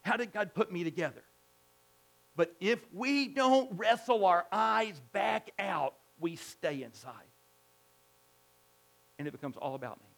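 A middle-aged man with a high-pitched voice preaches to his congregation. He is emphatic and animated, and he circles back on his words, repeating and restarting as he builds each point. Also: a little slow, vocal fry, pauses often. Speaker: pastor. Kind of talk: sermon.

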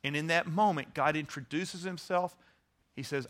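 High, bright-voiced male preacher. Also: moderate pace. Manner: earnest, teaching, with frequent restarts and repeated words. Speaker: pastor. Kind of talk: sermon.

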